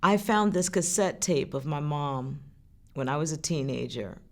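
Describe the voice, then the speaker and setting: Earnest woman singer with a gravelly edge. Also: low-pitched, lively intonation, measured pace. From France. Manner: earnest, heartfelt storytelling with frequent restarts. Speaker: singer and songwriter. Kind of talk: candid interview talk.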